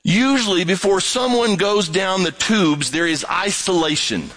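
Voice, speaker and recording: A man's voice: high voice, measured pace, faint music behind, poor audio. A male pastor preaching a sermon, reading scripture and acting out little voices and sounds to make his point. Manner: animated, acts out voices and alarm sounds.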